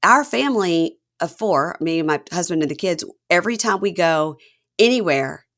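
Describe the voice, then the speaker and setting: A woman's voice: on the low side, animated, moderate pace, fairly bright tone. A woman hosting a podcast, chatty and laughing as she shares family stories. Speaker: podcast host. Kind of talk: casual podcast chat.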